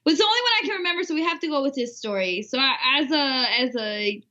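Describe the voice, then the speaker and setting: A woman's voice: high-pitched, expressive, fast, bright, forceful tone, muffled recording. A woman co-hosting a podcast in casual chat, bashful and giggly as she tells a story. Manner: giggly and bashful, laughing while telling a story. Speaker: podcast co-host.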